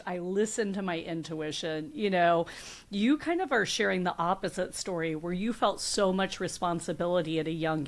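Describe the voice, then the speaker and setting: A woman in her forties hosting a podcast, affirming and reflecting on her guest's story in casual conversation. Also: on the low side. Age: 40s. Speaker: podcast host. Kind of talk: casual interview chat.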